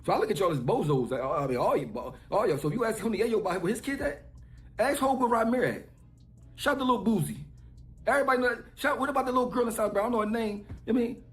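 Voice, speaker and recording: A man's voice: sits high, expressive, racing, reverberant, soft background music. A man ranting and taunting someone in a mocking way. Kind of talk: trash talk rant.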